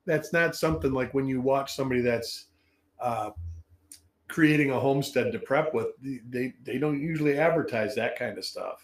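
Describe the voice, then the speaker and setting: A man's voice: medium pitch, moderate pace. A man chiming in as a guest on a casual panel chat, with short and agreeable remarks.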